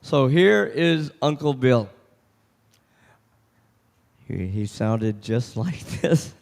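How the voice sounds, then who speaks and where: A man's voice: medium pitch, expressive, drawn-out words, creaky, a little mellow. A man at an open mic doing a short comedy set, self-deprecating, chuckling and restarting his sentences as he goes. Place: outdoor stage.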